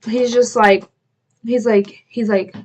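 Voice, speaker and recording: On the high side and a little mellow, this young woman's voice keeps a steady tone, with slight background noise. As a vlogger getting ready at home, she tells a meandering story thick with "like," breaking off to apologize and toss asides to the camera.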